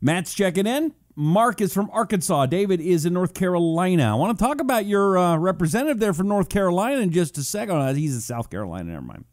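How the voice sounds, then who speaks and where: A man hosting a live talk show, reading out viewer check-ins between quick jokes and asides. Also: high voice, sing-song, darkish tone. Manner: jokey, breezy, quick asides. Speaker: radio talk show host.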